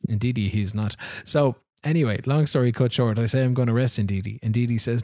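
A man's voice: mid-range voice, fairly quick, hardly any pauses, dark tone, no echo, studio quality. A man, co-hosting a casual podcast, rambling through stories with frequent laughs. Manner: rambling storyteller, laughs often, acts out dialogue. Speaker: podcast co-host. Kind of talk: casual chat about a football video game.

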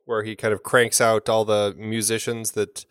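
A man's voice: fairly low pitch, level tone, moderate pace, clean tone, no echo, clean studio sound. A man hosting a casual film podcast, running the rankings as an upbeat, joking moderator.

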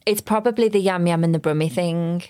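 Chatty Birmingham woman, low and dry. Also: fairly quick, mellow, smooth, no room sound. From Birmingham, England. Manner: chatty, laughs often, mimics voices. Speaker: podcast guest. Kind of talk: casual chat.

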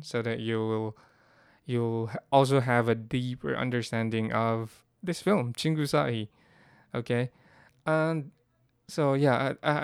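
Man explaining, smooth dry voice. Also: mid-range voice, dry recording. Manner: explains haltingly with restarts and fillers. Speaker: language teacher. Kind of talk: casual spoken lesson.

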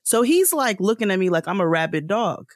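A woman co-hosting a book club chat, telling a story in an animated way, swearing and acting out her own lines loudly. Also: mid-range voice, fairly quick, no echo, clean studio sound. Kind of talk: casual storytelling.

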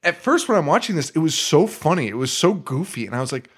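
Excitable man retelling a film, swearing. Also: a little high, fast, husky. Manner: excitable retelling, swearing, putting on silly voices. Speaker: podcast co-host. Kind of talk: casual film-review chat.

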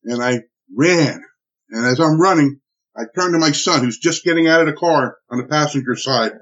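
A man recalls a personal ordeal in an interview, telling it animatedly, restarting his sentences and acting out his own words and others'. His voice sits a bit high and sounds raspy. The recording is muffled and lo-fi. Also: normal speed. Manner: animated storytelling with frequent restarts and acted-out quotes. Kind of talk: emotional spoken recollection. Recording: dull lo-fi recording.

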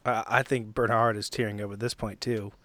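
A man's voice: fairly low pitch, level tone, a little fast, a bit bright, no echo. A man playing a tabletop role-playing game, thinking aloud about his character with hesitant restarts. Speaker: player. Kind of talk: tabletop role-play, casual.

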